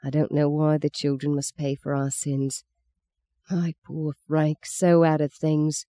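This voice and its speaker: Storybook mother, curt and weary, slow and low, voiced by the reader. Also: mellow, clean tone, no room sound, studio quality, close to an everyday voice. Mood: sorrowful.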